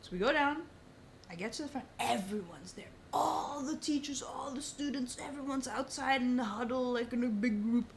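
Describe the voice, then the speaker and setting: A young woman, a podcast guest, telling a story in casual chat, animated and swearing often. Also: sits high, moderate pace, vocal fry, noisy background. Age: young adult. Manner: animated, swears a lot, says "bro" often.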